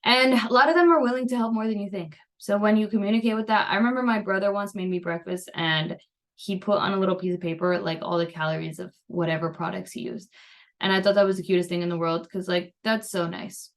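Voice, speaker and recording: A woman's voice: medium pitch, fast. A young woman nutrition coach talks to her clients over a computer mic on a video call. Her voice sits in a middle register, and her delivery is chatty and loose, full of fillers and reassurance. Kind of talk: casual coaching talk over screen share.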